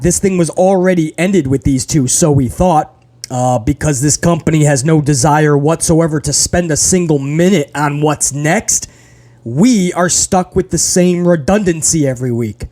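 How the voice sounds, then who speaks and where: A high-voiced man rants through a wrestling review on his own channel. His talk is casual, profane and animated. He mocks the show with quick impressions as he goes. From grew up in housing projects.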